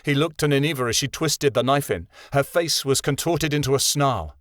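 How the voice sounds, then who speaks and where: A man narrates a fantasy audiobook in a measured, dramatic way. His voice sits mid-pitch and the recording is dry and close. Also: fairly bright tone, no room sound.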